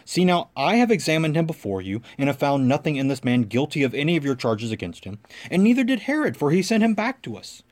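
Man reader doing an uneasy Roman governor in a scripture reading, slightly high, earnest. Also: very animated, darkish tone. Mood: insistent. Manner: earnest, measured reading of quoted lines.

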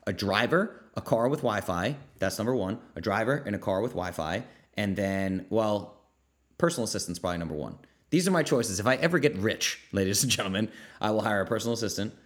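A man hosting a casual Q&A podcast from his kitchen, energetic and blunt, reading out viewer comments and swearing freely. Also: low voice. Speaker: podcast host. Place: home kitchen.

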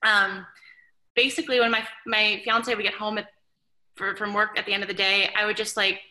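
Young woman, author guest on a chat podcast; bright tone, chatty and animated. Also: medium pitch, fairly quick, poor audio.

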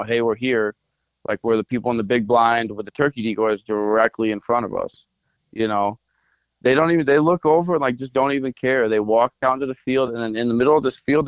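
A man's voice: lowish voice, smooth, no room sound, dull audio. A man on a podcast, casually telling a long hunting story full of fillers. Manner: rambling storyteller, lots of "like" fillers. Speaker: podcast co-host.

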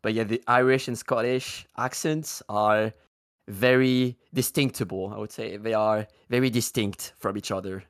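A man's voice: on the low side, fairly even intonation, normal speed, no room sound, clean studio sound. A man from Europe chatting casually on a podcast, hesitant, with many fillers and restarts. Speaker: podcast co-host. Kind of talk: casual chat.

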